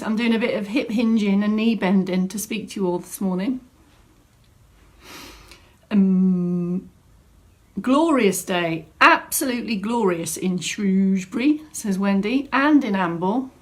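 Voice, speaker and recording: A woman's voice: medium pitch, a little slow. Chatty woman fitness instructor greeting viewers. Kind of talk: live online class welcome. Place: home room set up as studio.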